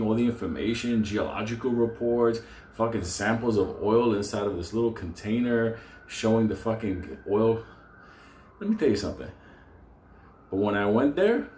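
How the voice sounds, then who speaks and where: Hosting a stock market show, a man launches into a profane, fired-up unscripted rant and breaks into laughter. His voice is mid-range and a little mellow, recorded with roomy echo and faint noise.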